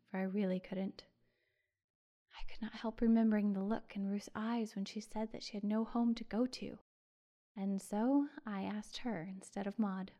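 A woman reading the lines of an eager, excited young schoolgirl in a storybook. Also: fairly high pitch, close to an everyday voice. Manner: gushing, eager.

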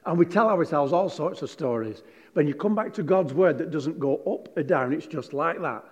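A man's voice: a little high, animated, normal speed, husky. A man preaching a sermon, chatty and conversational, putting questions to his congregation. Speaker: pastor. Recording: long hall reverb.

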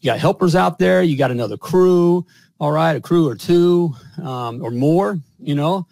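A man's voice: on the high side, moderate pace, vocal fry, darkish tone, no echo, low-quality recording. A man hosting a podcast with boastful, hyped energy and lots of fillers. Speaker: podcast host.

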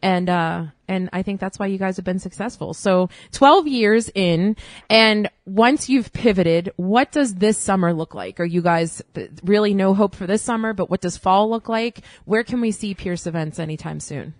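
A chatty woman in her forties co-hosts a podcast and tosses questions to her guests. Her voice sits at an ordinary middle pitch. It is recorded close and dry on a studio mic, with no room sound. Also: normal speed, no echo. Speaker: podcast co-host. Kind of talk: casual chat.

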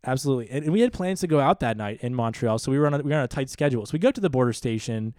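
A man co-hosting a podcast, telling a long story in casual, animated chat that stammers and restarts often. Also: medium pitch, racing, dry recording, studio quality. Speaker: podcast co-host.

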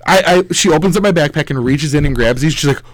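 A man's voice: on the high side, quick pace, dry recording. A young man hosting a podcast, telling rambling, profane stories in casual chat. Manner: rambling, profane storytelling with lively quoted voices. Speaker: podcast host.

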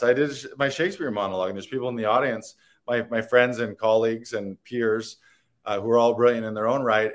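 Rambling earnest man, lowish voice. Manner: rambling, earnest and playful, laughs and swears. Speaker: actor guest. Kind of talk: casual conversational interview.

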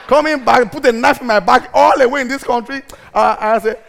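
A man's voice: very high-pitched, fairly quick, vocal fry, a bit bright. A middle-aged man preaching a sermon who tells a comic story, acts out his own anger and laughs as he goes. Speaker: pastor.

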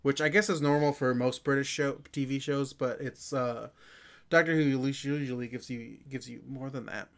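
A man's voice: medium pitch, fairly even intonation, normal speed, fairly bright tone. A man co-hosting a podcast as its producer, chatting casually with a rambling, hesitant delivery. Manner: rambling, hesitant, many fillers and restarts.

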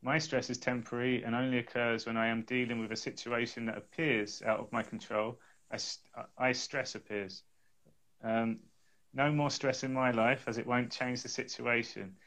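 A man's voice: mid-range voice, level tone, normal speed, fairly bright tone. A man co-hosting a live stream, talking casually and hesitantly while reading out viewer comments. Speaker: co-host.

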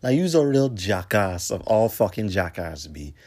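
A young man hosts his own show, talking in a low-pitched voice. His delivery is blunt and rambling, heavy with swearing and street slang. It sounds like a casual, unscripted monologue. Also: very animated, normal speed, a little mellow. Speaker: host.

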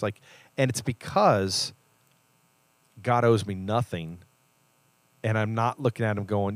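A man's voice: fairly low pitch, steady tone, unhurried, long pauses, dry recording. A man from a church, talking earnestly and reflectively about faith in a casual conversation. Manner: earnest, reflective, builds to emphatic points. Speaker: church leader and podcast co-host.

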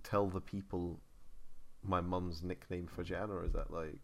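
Excitable young man. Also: low voice, measured pace, vocal fry. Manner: excitable storyteller, swearing, loose slang. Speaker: podcast host. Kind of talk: casual chat.

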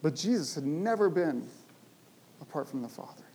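A man's voice: fairly high pitch, animated, normal speed, warm tone, breathy edge. A man preaching a sermon, telling a story with emphasis and asking his listeners rhetorical questions.

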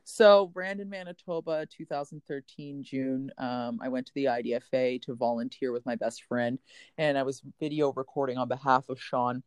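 A woman's voice: extremely low pitch, steady tone, moderate pace, darkish tone, dry recording. A woman, a competition coach, telling a heartfelt story as a guest and close to tears.

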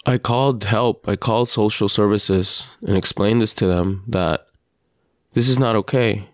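A father hosting a podcast, telling his story in an earnest, halting personal monologue with frequent restarts. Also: on the low side, fairly even intonation, no echo, clean studio sound. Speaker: podcast host.

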